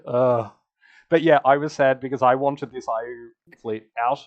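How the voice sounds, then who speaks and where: A man's voice: mid-range voice, fairly even intonation, moderate pace, dull audio. A man casually recapping an online strategy game, laughing often and acting out the other players' lines. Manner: chatty, laughs often, acts out quoted players. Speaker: podcast host.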